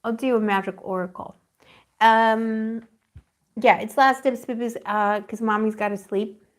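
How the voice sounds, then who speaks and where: A woman's voice: a little high, fairly even intonation, unhurried. Rambling, affectionate woman reading tarot. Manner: rambling and affectionate, calls viewers pet names; dreamy, searching for words. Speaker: tarot reader. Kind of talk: live-streamed tarot reading.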